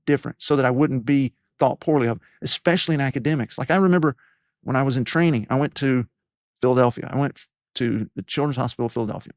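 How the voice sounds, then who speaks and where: A man in his fifties from East Tennessee, opening up about his past as the guest of an interview. He rambles reflectively, circling back with fillers and restarts, at an average pitch for a man. The recording is dry and close, with no room sound. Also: fast, no echo. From East Tennessee, USA. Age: 50s. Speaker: leadership podcast host as guest. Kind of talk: personal storytelling interview.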